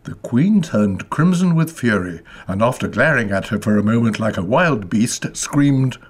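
A man's voice: mid-range voice, animated, moderate pace, breathy edge. A man narrating a children's story expressively. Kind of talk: scripted narration.

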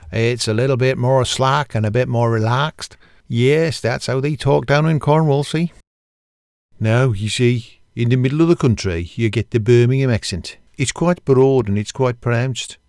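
A male voiceover artist with a smooth, clear delivery. He leans on key words in a dry, close recording. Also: medium pitch, dry recording. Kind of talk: voiceover accent demo.

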